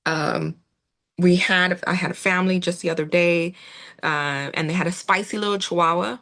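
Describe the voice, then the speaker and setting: A woman giving a gentle, reassuring training talk to veterinary staff, with fillers and restarts. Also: fairly low pitch, steady tone, normal speed. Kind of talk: instructional talk on client communication.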